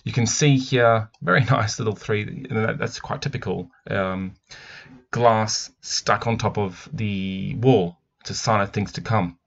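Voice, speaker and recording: In a dull lo-fi recording, a man with a lowish, unhurried voice and some vocal fry reads a picture book aloud as a teacher. He pauses to analyze it, musing thoughtfully and often restarting his sentences.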